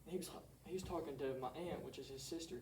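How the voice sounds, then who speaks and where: A man's voice: a little high, a little mellow. Shy teen boy, echoey church. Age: teens. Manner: shy, halting, laughs between phrases. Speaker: church member giving testimony. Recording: echoey church, distant mic, background noise.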